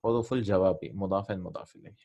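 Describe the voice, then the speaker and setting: A man's voice: low voice, very fast, creaky, dark tone. A man teaching a revision lesson on Arabic letters and pronunciation, explaining step by step and often checking in with his students.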